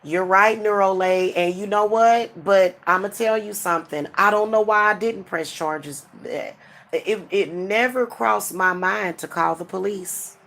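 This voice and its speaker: A woman's voice: medium pitch, measured pace, gravelly, a bit bright. A middle-aged woman, talking frankly and casually to her viewers, with many restarts and fillers. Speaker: spiritual advisor and channel host.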